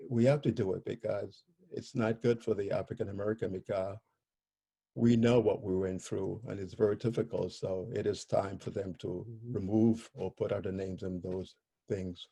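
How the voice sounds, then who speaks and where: Interview guest, male, mellow tone, halting and searching for words as he tells his story. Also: fairly low pitch, fairly even intonation, creaky, breathy edge.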